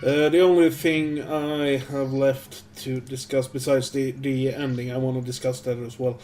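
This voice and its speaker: A man's voice: mid-range voice, flat delivery, normal speed, darkish tone, a little hiss or hum. A man co-hosting a movie podcast, bluntly steering the casual chat with questions. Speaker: podcast co-host leading discussion.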